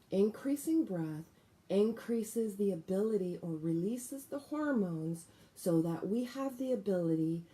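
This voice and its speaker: Slow, mellow-voiced woman guiding breathing. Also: lowish voice. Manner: calm, deliberate instruction. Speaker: breathwork teacher. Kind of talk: guided breathing lesson.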